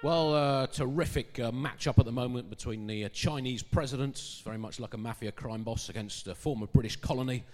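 A man hosting a comic news podcast, speaking in a dry, halting way full of fillers. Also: mid-range voice, a little mellow, long reverb tail. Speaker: podcast host.

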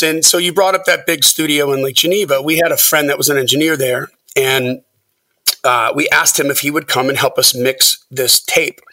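A middle-aged man, a music producer, telling animated stories as a podcast guest. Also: a little high, distant mic. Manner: animated, acts out quoted people. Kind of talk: storytelling interview.

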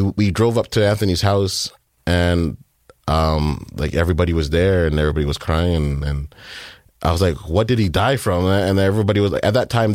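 A man telling a personal story in an interview, halting and full of fillers and repeats. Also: low-pitched, a little mellow, no echo, studio quality. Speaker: guest.

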